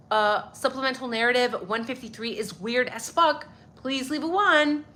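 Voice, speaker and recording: Pushed and bright, this fairly high female voice belongs to a young livestream host chatting casually through viewer comments. She's a bit stuffy-nosed, calls out viewers by name, and doesn't hold back on swearing.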